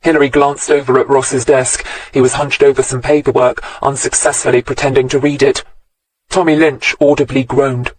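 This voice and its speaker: A man narrating a crime novel audiobook in a steady, measured storytelling voice, recorded close to the mic. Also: medium pitch, no echo, rough recording.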